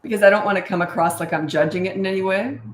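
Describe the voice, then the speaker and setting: A middle-aged woman who coaches parents, answering viewer questions in a breezy, matter-of-fact way and acting out parent lines in a bright sing-song. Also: medium pitch, racing, a little hiss or hum. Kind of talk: casual Q&A livestream. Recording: echoey room.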